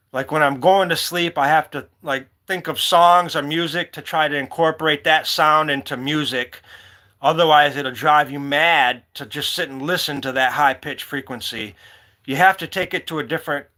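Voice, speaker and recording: A man chatting away on a livestream, his voice bright and forceful. He drifts between stories and talks to viewers by name. His pitch sits a little high for a man. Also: moderate pace. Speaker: livestream host. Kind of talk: casual live-stream chat.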